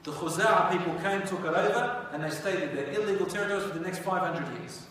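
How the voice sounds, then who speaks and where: A man with a high-pitched, slightly bright voice speaks quickly, presenting religious history as a conversational storytelling lecture and often asking his audience rhetorical questions. He's heard from a distance in an echoey hall with faint noise.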